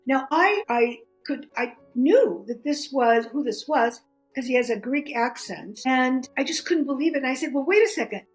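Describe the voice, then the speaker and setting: A middle-aged woman, a podcast guest, telling a personal story in animated casual talk. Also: sits high, normal speed, soft background music, low-quality recording. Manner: animated, chatty, acts out quoted voices.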